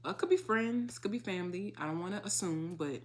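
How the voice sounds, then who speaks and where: A woman doing a casual tarot reading, animated and slangy, swearing freely and throwing in dramatic asides. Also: mid-range voice, fairly quick, slight background noise. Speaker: tarot reader.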